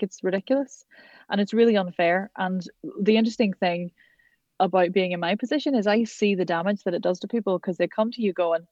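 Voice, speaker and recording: A woman's voice: on the low side, darkish tone, no echo. Woman, passionate coach. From Ireland. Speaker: accent coach. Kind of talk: podcast conversation. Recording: dull lo-fi dry sound.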